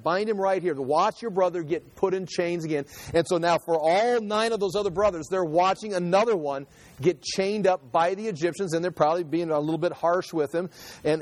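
A man's voice: sits high, a little mellow, no room sound. A man teaching the Bible verse by verse in a conversational way, reading passages and then explaining them, often restarting his sentences. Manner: conversational, reads scripture then explains it in his own words; frequent restarts and repeated words.

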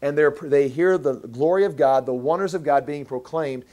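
High-voiced man teaching a sermon. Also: mellow. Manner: emphatic, explaining step by step, slows to stress words. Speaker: pastor. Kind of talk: sermon, verse-by-verse Bible teaching.

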